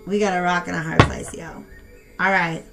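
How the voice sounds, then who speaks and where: A young woman giving a casual tarot reading and talking straight to her viewers in a chatty, animated way. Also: on the low side, moderate pace, vocal fry, loud music behind the voice. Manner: chatty and animated, talks to viewers as "you guys". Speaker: tarot reader.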